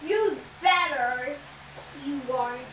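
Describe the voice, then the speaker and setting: Child reader doing a bellowing, bullying male war god for a storybook; high young voice pushed loud and slow, echoey room. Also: expressive, slight background noise, heavily acted. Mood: angry, menacing.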